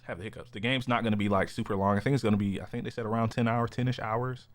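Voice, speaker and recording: A man's voice: mid-range voice, fairly even intonation, fast talker, dry recording. A man co-hosting a podcast in casual chat, rambling with lots of "you know" and "like" fillers. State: has the hiccups. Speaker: podcast co-host.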